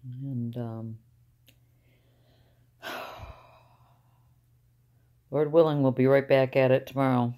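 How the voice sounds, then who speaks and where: An older woman talking casually to her viewers from inside a car, soft-spoken and halting, trailing off with sighs. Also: very deep voice, fairly even intonation. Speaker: vlogger. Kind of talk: rambling casual talk to camera.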